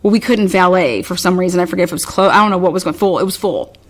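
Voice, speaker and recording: A woman's voice: lowish voice, lively intonation, racing. A woman co-hosting a podcast, telling a story in a rambling, exasperated way, swearing freely and restarting often. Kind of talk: casual storytelling chat.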